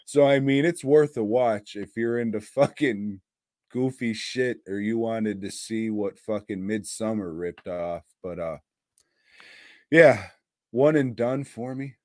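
Guy on a horror podcast cussing and rambling, lowish voice, dry mic. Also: takes it slowly, a little mellow, dry recording. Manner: profane, rambling, laughs often. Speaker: podcast co-host. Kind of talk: casual chat reviewing horror movies.

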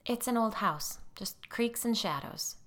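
A woman's voice: medium pitch, normal speed, pitched above the performer's own voice, lightly acted. Woman playing a nervous, shaky grandmother. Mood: hushed. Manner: shaky, hushed.

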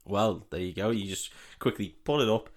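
A man co-hosting a comedy podcast, handing out absurd life tips in a deadpan way and laughing often. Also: lowish voice, moderate pace. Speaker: podcast co-host. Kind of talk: casual comedic banter.

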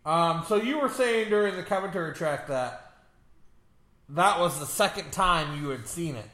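High-pitched, bright-voiced man, casual chat. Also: lively intonation, moderate pace, reverberant. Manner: joking, rambling, laughs often. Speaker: podcast co-host. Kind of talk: casual movie review chat.

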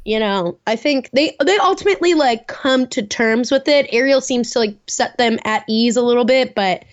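A woman's voice: on the high side, moderate pace, highs cut off. A woman co-hosting a podcast, chatting casually about a reality show with lots of "like" and "you know" fillers. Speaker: podcast co-host. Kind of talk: casual chat.

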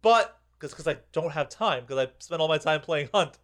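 A man with a notably high voice chats on a podcast. He gushes about things he loves, loose and rambling, dropping in casual curses. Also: lively intonation, moderate pace, a bit bright. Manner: enthusiastic, swears freely, lots of "like" fillers. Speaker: podcast co-host. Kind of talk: casual chat.

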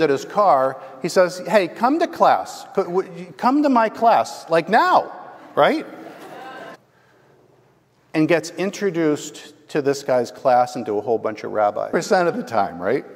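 Man, pastor preaching, storytelling sermon, slightly high voice, long church reverb. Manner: storytelling, asks the congregation "right?".

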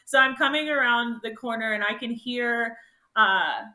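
A woman's voice: a little high, normal speed, bright, forceful tone, echoey room. A woman guest telling a race story in casual conversation, emotional and laughing often as she relives it. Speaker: guest ultrarunner.

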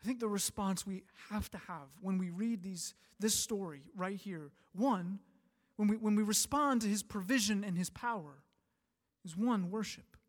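A male pastor delivering a sermon, reading scripture and then speaking earnestly, rising to emphatic peaks and falling to soft, quiet passages. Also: high-pitched, moderate pace. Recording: long hall reverb.

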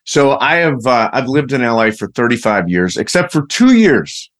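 A man's voice: mid-range voice, very animated, normal speed, a bit bright. A man hosting a podcast, who leads into his interview questions with personal asides. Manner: chatty, personal lead-in to questions. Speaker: podcast host.

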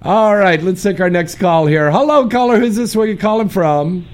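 A man's voice: sits high, normal speed. A man hosting a radio show, joking, teasing and bantering crudely with callers. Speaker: radio host.

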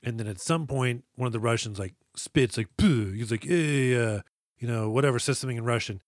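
A man's voice: mid-range voice, quick pace, dry recording, clean studio sound. A man co-hosting a movie podcast, chatting casually and sarcastically, swearing and acting out lines from the film. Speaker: podcast co-host. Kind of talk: casual movie-review chat.

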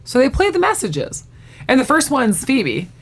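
A woman's voice: high voice, normal speed, breathy edge. A woman in casual chat, eagerly retelling a sitcom episode and acting out the characters' lines as she goes. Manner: animated storyteller who acts out the quotes.

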